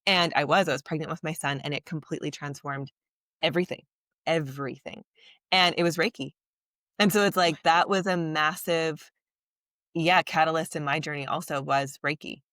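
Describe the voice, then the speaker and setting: A woman's voice: low voice, brisk, fairly bright tone, dry recording, studio quality. A woman hosting a podcast, talking in an earnest, reflective and rambling way with lots of fillers. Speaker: podcast host. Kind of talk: casual conversation.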